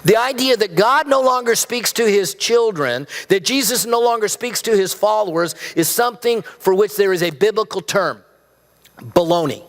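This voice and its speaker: Male pastor, high voice, chatty sermon, rhetorical questions, long church reverb. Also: a bit bright. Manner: conversational preaching with rhetorical questions and humor. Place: church sanctuary.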